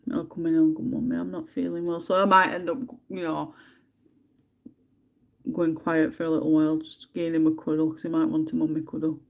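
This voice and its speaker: A woman's voice: low voice, completely flat delivery, brisk, muffled recording. Chatty English woman, mom streamer. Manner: chatty, laughs often, mutters to herself while picking colours. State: has a cold. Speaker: livestream host. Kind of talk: casual livestream chat while colouring.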